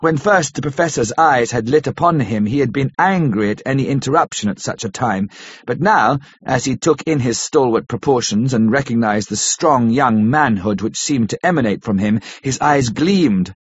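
A man narrates a classic novel at a measured, steady pace. His voice is husky and mid-pitched. The recording is dry and lo-fi. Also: no room sound. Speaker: audiobook narrator. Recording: dull lo-fi recording.

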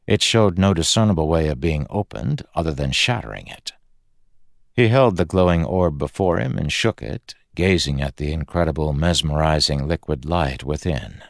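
A very deep male narrator with a gravelly texture reads a fantasy story in measured, dramatic tones. His intonation moves widely, and the close, dry recording keeps every rasp present. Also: dry recording. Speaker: audiobook narrator.

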